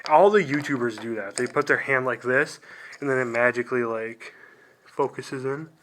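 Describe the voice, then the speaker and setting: A man's voice: medium pitch, normal speed, a bit bright. Rambling young man unboxing on camera. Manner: rambling and self-deprecating, full of "like" and trailing asides. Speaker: video host. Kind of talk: casual unboxing vlog.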